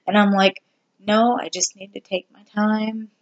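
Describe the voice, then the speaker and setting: A vlogger giving a candid personal update, talking slowly and haltingly with many ums and restarts. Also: medium pitch, level tone, highs cut off. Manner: candid and self-deprecating. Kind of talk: casual personal health update.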